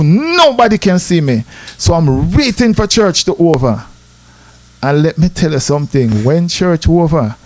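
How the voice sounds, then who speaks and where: Brief: Jamaican male storyteller, lively and conversational, slightly high-pitched, dry recording. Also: no echo. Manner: animated, repeats "you know", rises in pitch for drama. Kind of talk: casual personal storytelling.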